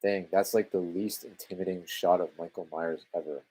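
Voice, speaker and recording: A man's voice: low voice, fairly even intonation, a little fast, warm tone, breathy edge. A man with a Canadian accent giving exasperated, sarcastic live commentary over a film, swearing freely. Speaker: movie commentary live-streamer.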